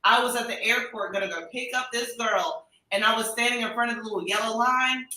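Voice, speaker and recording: Bright-voiced American woman telling a story. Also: fairly high pitch, fairly quick, far from the mic. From United States. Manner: animated, acts out dialogue in quoted voices. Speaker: expat podcast guest. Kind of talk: casual storytelling chat. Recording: echoey room, a little off-mic.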